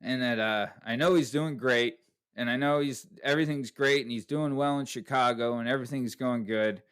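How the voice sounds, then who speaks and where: A man's voice: medium pitch, normal speed, a bit bright, smooth. Swearing man telling a story. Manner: profane, tags lines with "right?". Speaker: podcast host. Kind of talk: casual podcast storytelling.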